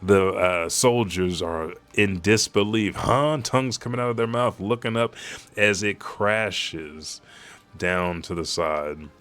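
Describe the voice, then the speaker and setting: Low-voiced young guy, excitable fan narration, swears freely, chatty live read. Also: slow pace, clean tone, soft background music. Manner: excitable, profane, fan-style commentary. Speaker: host reading a manga chapter live. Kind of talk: casual live read with commentary.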